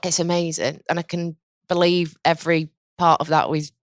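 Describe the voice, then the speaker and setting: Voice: medium pitch, level tone, normal speed, no room sound, studio quality. An interviewer asking questions and reacting to a guest's story. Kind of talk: casual interview.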